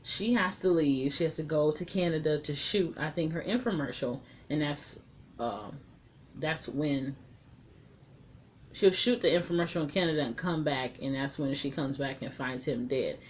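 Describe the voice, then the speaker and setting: A woman's voice: low voice, normal speed, slight background noise. A woman casually recapping and reviewing a TV episode, chatty and frank, swearing freely.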